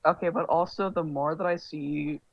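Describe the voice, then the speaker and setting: A man's voice: fairly high pitch, steady tone, normal speed, no echo. A man co-hosting a podcast, chatting casually and rambling with fillers. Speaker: podcast co-host. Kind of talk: casual chat. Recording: dull lo-fi mic.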